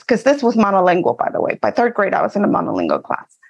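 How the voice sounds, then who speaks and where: A woman from Texas, an author, telling a personal story in an animated, laughing way. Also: medium pitch, quick pace, gravelly, husky, lo-fi sound. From Eagle Pass, Texas. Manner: animated, laughs often while telling stories. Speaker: author and guest. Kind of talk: casual storytelling.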